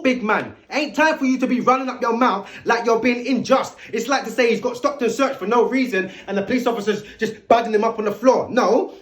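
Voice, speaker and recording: A man with a very high voice delivers a vlog commentary monologue. He lectures emphatically, throwing rhetorical questions straight at the listener. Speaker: commentary video host.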